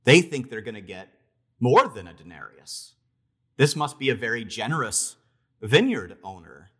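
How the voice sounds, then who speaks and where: A man's voice: mid-range voice, very animated, moderate pace, fairly bright tone, husky. Man preaching a storytelling sermon. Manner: storytelling with conversational restarts. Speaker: pastor.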